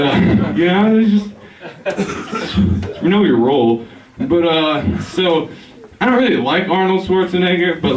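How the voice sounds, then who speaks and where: A young man doing a stand-up routine, laid-back and rambling, giggling at his own jokes. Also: a little high. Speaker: stand-up comedian. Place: barber shop. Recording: echoey room, mic at a distance.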